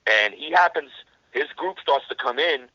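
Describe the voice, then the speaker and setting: A man's voice: medium pitch, moderate pace, no echo. Blunt cursing guy telling war stories, voice jumps all over, kinda dull dry lo-fi sound. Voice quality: profane, blunt. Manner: animated storyteller who restarts sentences often. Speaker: interview guest. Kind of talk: casual storytelling.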